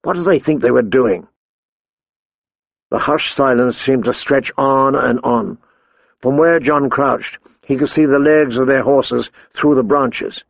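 A man narrating an audiobook in a steady, measured way. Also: mid-range voice, vocal fry, no room sound, highs cut off. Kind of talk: scripted narration.

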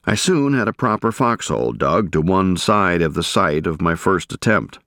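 A man with a very low voice reads a first-person war memoir, measured and grave. The recording is dry and close, with no room echo. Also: lively intonation, fairly bright tone. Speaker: audiobook narrator.

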